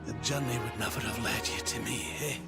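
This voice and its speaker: An actor playing an elderly grieving king, speaking gently and sorrowfully. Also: on the low side, fairly even intonation, fairly quick, vocal fry. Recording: game audio under loud music.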